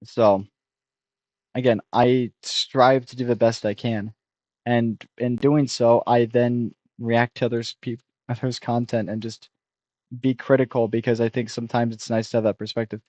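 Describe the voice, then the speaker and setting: A young man in his twenties rambles through a casual reaction stream, blunt and critical, often restarting sentences. His voice sits in a middle pitch. It is recorded dry and close, with no room sound. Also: flat delivery, normal speed, a little mellow, no echo. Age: 20s. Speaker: streamer reacting to a review video.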